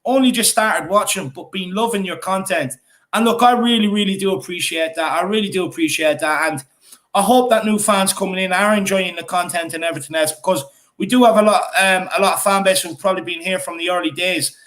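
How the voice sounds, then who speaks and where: Irish male co-host, high voice, chatty, filler-heavy live-stream delivery. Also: brisk, fairly bright tone. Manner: chatty, repeats himself, many fillers. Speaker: fan channel co-host. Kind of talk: casual live-stream chat reading comments.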